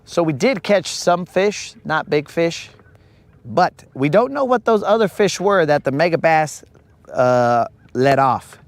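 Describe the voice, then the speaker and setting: This man's voice sits on the high side and is expressive, with a measured pace and no room sound. He's a fishing livestream host out on a boat, rambling, joking and dropping "bro" constantly in slangy, casual banter.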